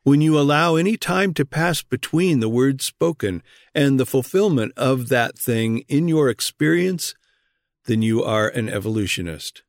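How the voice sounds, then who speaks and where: Male reader, mid pitch, earnest read-aloud sermon that presses questions on the listener; dry, roomless recording. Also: lively intonation, unhurried, no echo.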